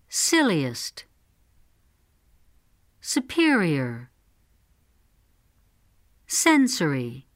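Woman reading example words on a pronunciation tape, super slow, lowish lively voice. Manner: slow, clearly articulated, with model word stress. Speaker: model speaker in a pronunciation lesson. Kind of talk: scripted instructional reading.

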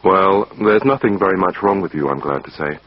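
A man voicing a calm male doctor who gives advice in a steady, reassuring way, reading a textbook dialogue. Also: low voice, fairly quick, slightly rough, no echo. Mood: advising. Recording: dull lo-fi recording.

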